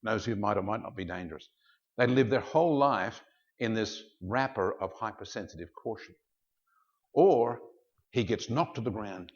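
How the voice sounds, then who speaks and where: A man preaching a teaching sermon as a pastor, telling a story in an animated way. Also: on the low side. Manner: animated storyteller, shifts into character voices. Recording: dull lo-fi sound.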